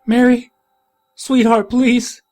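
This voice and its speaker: A man voicing a grieving, furious old man in his seventies, shouting bitter accusations. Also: fairly high pitch, fast talker, slightly rough, faint music behind, voice pushed up. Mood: anguished.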